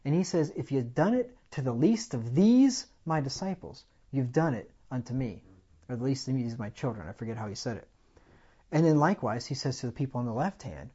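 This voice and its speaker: Preaching in a mid-range voice with a breathy edge, this man moves at a quick clip, growing loud on important points and throwing rhetorical questions at his congregation. The audio sounds dull.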